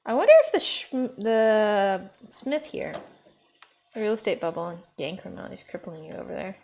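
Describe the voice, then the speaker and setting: A woman's voice: mid-range voice, animated, moderate pace, a little mellow. A woman streaming a game and chatting casually and playfully with viewers, laughing often; her first language is German. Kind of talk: casual gameplay commentary.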